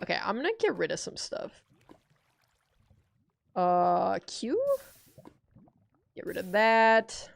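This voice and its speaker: Animated young woman ranting over gameplay. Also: medium pitch, slow pace, creaky, pauses often. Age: 20s. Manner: animated, swears, self-deprecating rants. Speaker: gaming streamer. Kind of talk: casual gameplay commentary.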